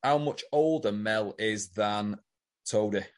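Male podcast co-host, lowish voice, blunt and sweary. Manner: blunt, quick asides, swears. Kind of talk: casual chat.

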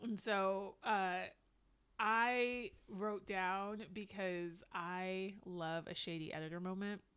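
A woman's voice: medium pitch, steady tone, slow, a bit bright, clean tone. A woman co-hosting a podcast, chatting casually and filling her talk with "like". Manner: chatty, lots of "like" fillers, quoting people in put-on voices. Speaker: podcast co-host. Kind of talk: casual recap chat.

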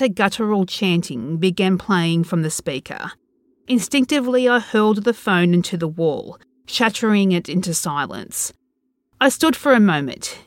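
A woman's voice: mid-range voice, dry recording. A woman narrating a first-person horror story in a tense, dread-filled storytelling manner.

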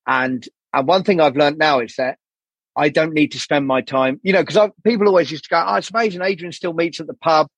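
A man's voice: fairly high pitch, husky, no room sound, lo-fi sound. A man as a podcast guest, talking candidly and rambling, swearing often and acting out the people he quotes. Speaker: podcast guest, jazz saxophonist.

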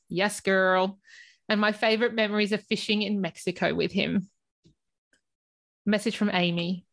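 A woman co-host reads listener messages aloud in an even, mid-pitched voice. Between readings she chats loosely and laughs easily. The recording is close and dry. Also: no echo. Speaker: podcast co-host.

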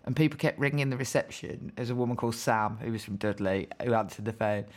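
A woman with a West Midlands accent hosting a casual interview, talking with dry, wry humour and quick asides. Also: rumbling low. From West Midlands, England. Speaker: podcast host.

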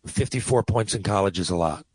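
A man co-hosting sports radio, talking hockey in quick, chatty bursts. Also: sits low, slightly rough, no echo, poor audio. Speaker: sports radio co-host and actor. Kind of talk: casual sports talk.

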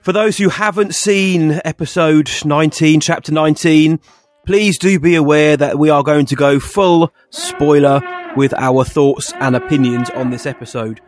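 A man's voice: on the high side, normal speed. A young English man co-hosting a podcast, with jokey, theatrical patter. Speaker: podcast co-host. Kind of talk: casual chat.

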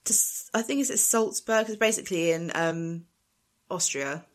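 A woman's voice: lowish voice, normal speed. A woman recapping a film in casual chat, chatty and giggly with exasperated asides. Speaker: podcast co-host recapping a film.

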